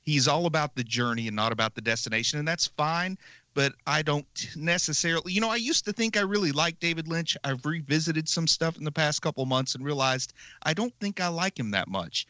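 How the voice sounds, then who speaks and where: A man's voice: fairly high pitch, expressive, brisk, bright, forceful tone, no echo. A man co-hosting a movie podcast, chatting casually with long opinionated riffs and frequent laughs. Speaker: podcast co-host. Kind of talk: casual movie review chat.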